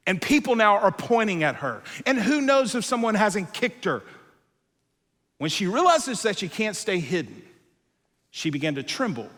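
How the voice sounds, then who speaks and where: A male pastor preaching a sermon, telling a story with animated acted-out voices and dropping to quiet, intense moments. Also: high-pitched, moderate pace, big-room sound. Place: church auditorium.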